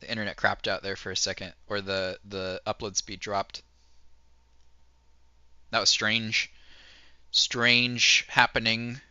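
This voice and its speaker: A man's voice: fairly low pitch, little pitch movement, takes it slowly, pauses often, sharp tone, clean tone. A man streaming a game, reading on-screen text aloud in a casual way and breaking off for wry asides and chuckles. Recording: muffled, with music behind.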